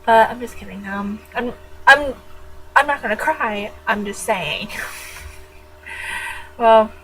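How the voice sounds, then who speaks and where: A woman's voice: on the high side, slow, slight background noise, rough recording. A teenage girl chatting casually in her own vlog, rambling and jokey with frequent giggles. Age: teens. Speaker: vlogger.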